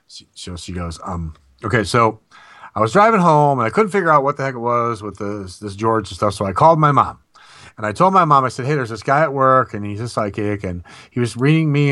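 A man's voice: medium pitch, pushed and bright, no room sound. A man hosting a paranormal talk show, telling a rambling personal story full of fillers. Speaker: host. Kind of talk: casual storytelling.

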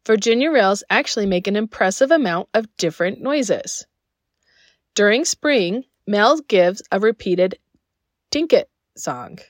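A woman's voice: mid-range voice, expressive, a little slow, no room sound, studio quality. A woman hosting a podcast, reading scripted narration in a friendly, enthusiastic way with chatty personal asides. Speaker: podcast host.

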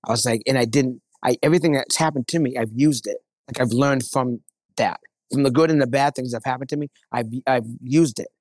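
A man's voice: medium pitch, fairly quick, no room sound. Earnest man, dry close sound. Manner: earnest, quotes others in animated voices. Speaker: guest. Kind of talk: casual conversation.

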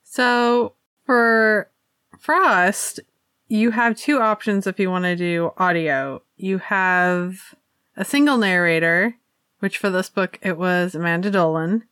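A woman's voice: mid-range voice, slow, fairly bright tone, clear, resonant tone, no room sound, studio quality. A woman co-hosting a book podcast, chatting casually with wry quips. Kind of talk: casual chat.

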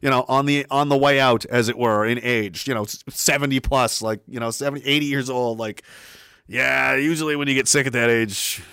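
A man's voice: medium pitch, fairly even intonation, fairly quick, pushed and bright, clear, resonant tone, no echo, studio quality. A man hosting a livestream, chatting casually and sarcastically while reading out chat messages, laughing often and swearing freely.

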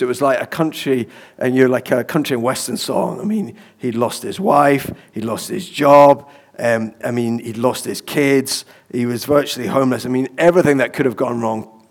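A man's voice: mid-range voice, fairly even intonation, normal speed. A man preaching in a conversational way, telling personal stories with fillers and chuckles.

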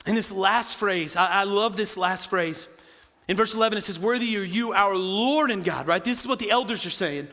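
A man preaches in a high, bright voice, animated and full of quick asides to the congregation. His words ring out with a long reverb in the church sanctuary. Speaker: pastor. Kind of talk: sermon.

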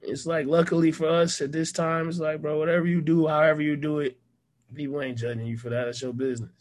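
A young man with a husky, slightly high voice chats as an interview guest. He is laid-back and slangy, and he leans on fillers between thoughts. His talk stays loose and unhurried. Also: little pitch movement. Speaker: musician and actor guest.

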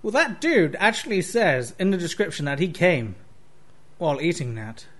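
High-voiced teasing man. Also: sing-song, fairly bright tone. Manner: teasing, quick jabs. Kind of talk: casual comedic chat.

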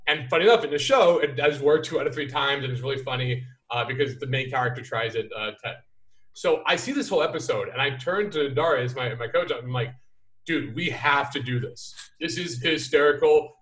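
Animated man telling a story, off-mic. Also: fairly high pitch, recorded from a distance. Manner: animated, acts out quoted voices. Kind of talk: casual storytelling chat. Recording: roomy, a bit off-mic.

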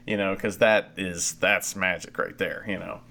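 A man's voice: deep voice, steady tone, normal speed, creaky, bright, forceful tone. A man co-hosting a podcast, rambling through casual wrestling chat and swearing freely. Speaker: podcast co-host.

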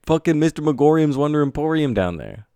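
A man's voice: on the high side, lively intonation, brisk, mellow, slight background noise. A man co-hosting a casual comedy podcast, laid-back, swearing casually and trailing off mid-thought. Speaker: podcast co-host.

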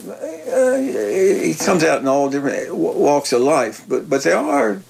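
An older man, a retired football coach telling stories in a halting, folksy way, often repeating words. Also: a little high, sing-song, vocal fry, darkish tone, slightly rough, rough recording. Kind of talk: casual interview chat.

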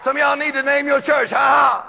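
High-voiced, shouting man preaching in a hall. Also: completely flat delivery, fast, slight background noise. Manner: shouting emphatic preaching, often breaking into laughter. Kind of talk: sermon. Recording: long reverb of a large hall.

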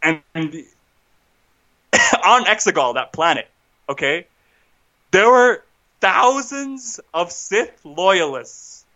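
Fuming man ranting about a film, bright tone. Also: sits high, expressive, slow pace, long pauses, highs cut off. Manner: agitated, restarts, rhetorical "right?". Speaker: podcast co-host. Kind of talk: casual film rant.

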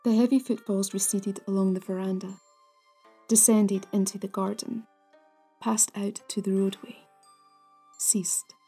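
A woman narrating old ghost stories in a hushed, measured way, at times near a whisper. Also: mid-range voice, flat delivery, breathy edge, faint music behind. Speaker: storyteller, podcast host.

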